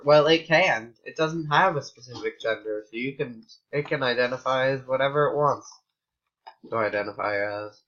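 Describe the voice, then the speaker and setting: A man's voice: medium pitch, fairly quick, fairly bright tone, lo-fi sound. An American man giving casual, rambling commentary while playing a game. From United States. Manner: rambling, chatty tangents. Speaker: gaming YouTuber.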